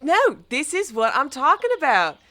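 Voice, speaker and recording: A woman's voice: sits high, big pitch swings, normal speed, pushed and bright, dry recording. A woman playing a tabletop game in character, assertive and lecturing. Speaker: player.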